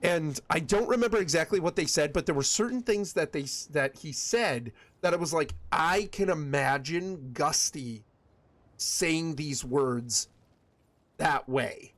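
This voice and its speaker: A man's voice: on the high side, a little slow, fairly bright tone, no room sound. A man from West Michigan with a Michigan accent, chatting casually with his viewers while streaming a game, rambling and often restarting his sentences. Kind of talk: casual chat while gaming.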